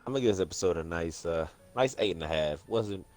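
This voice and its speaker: A man in a casual group chat, relaxed and joking. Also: deep voice, quick pace, faint music behind.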